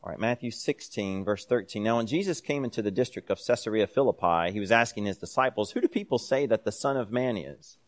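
Guy with a lowish voice running a bible study, chatty, reads verses out with some punch. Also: quick pace, hardly any pauses. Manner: conversational, reads scripture aloud with emphasis, many fillers. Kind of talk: casual Bible class teaching.

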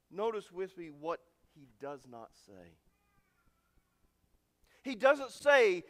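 A man preaching a sermon with dramatic swings from loud, emphatic lines to hushed endings. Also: sits high, big pitch swings, slow, long pauses. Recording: long reverb of a large hall.

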